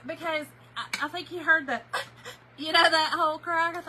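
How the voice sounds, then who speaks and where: A woman's voice: very high-pitched, moderate pace, bright, forceful tone, slight background noise, rough recording. A woman, telling an emotional story in a chatty way while she crafts on a livestream, and she tears up easily.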